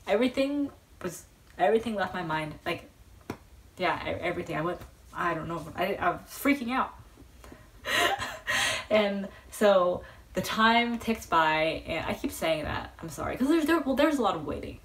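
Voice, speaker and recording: A young woman telling a story as a vlogger, rambling and excitable, full of fillers. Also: lowish voice, normal speed. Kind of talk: casual storytelling. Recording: voice a bit far from the mic.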